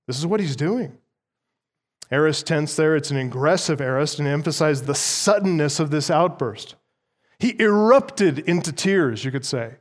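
A man preaching a sermon as pastor, slowing down to stress key words as he explains a text. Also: a little high.

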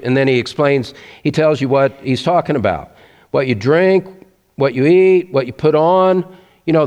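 A man's voice: a little high, a little mellow, big-room sound. A man preaching a sermon, earnest and emphatic, repeating his key points.

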